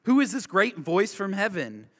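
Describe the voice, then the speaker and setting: A man preaches a verse-by-verse sermon in a rather high voice, pressing each point home with short repeated phrases. His words ring out with a long reverb, as in a large church sanctuary. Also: big pitch swings, normal speed. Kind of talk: expository sermon.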